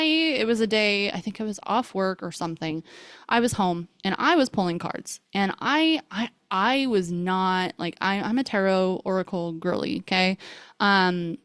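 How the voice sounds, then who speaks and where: A woman's voice: on the low side, clean tone, no echo. A young woman hosting a podcast, telling a personal story in a chatty way, full of fillers and quoted dialogue. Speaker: podcast host.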